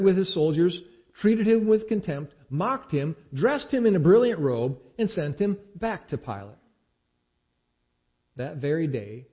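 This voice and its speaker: A man gives a dramatic scripture reading, acting out each quoted speaker. His slightly high voice swings widely in pitch. The recording is dull and lo-fi. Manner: expressive, acts out the quoted speech. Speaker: scripture reader.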